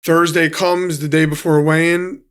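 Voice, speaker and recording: A man's voice: on the high side, flat delivery, normal speed, smooth. A man from New City, a guest telling his story casually, swearing freely and acting out what others said. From New York City. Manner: swears freely, acts out quotes. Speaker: guest, professional fighter.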